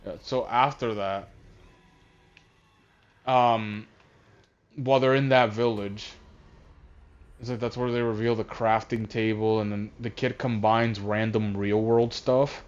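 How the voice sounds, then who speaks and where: A man casually recapping a movie while playing a game, rambling and halting, often distracted. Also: on the low side. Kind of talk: casual chat. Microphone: console voice chat headset. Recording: dull lo-fi voice chat audio.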